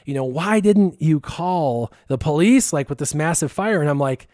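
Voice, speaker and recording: A man casually telling a funny story, lively and laughing as he acts out the voices of the people in it. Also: a little high, normal speed, no room sound, studio quality. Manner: animated, laughing, acts out quotes. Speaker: guest storyteller.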